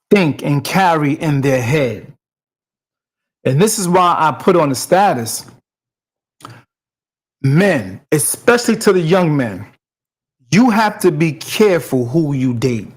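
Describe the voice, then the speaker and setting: Slow, preachy male podcast host. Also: a little high. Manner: preachy, repetitive, emphatic. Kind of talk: commentary on a video clip.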